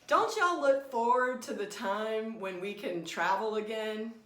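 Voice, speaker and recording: A woman's voice: on the high side, unhurried, echoey room. A woman leading an online laughter yoga class, coaxing the group through exercises and breaking into laughter herself. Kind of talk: guided group exercise instruction.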